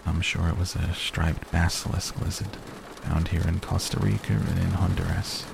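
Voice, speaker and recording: A calm, soft-spoken male field biologist with a gentle Southern accent, read by a man with a deep, gravelly voice. He explains things patiently in a storybook reading, over a noisy recording. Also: moderate pace. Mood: calm explaining. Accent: Southern American.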